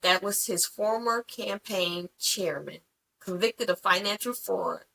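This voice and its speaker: A woman co-hosting a podcast in casual chat, talking bluntly and profanely with animated storytelling. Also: mid-range voice, measured pace, gravelly, low-quality recording. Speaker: podcast co-host.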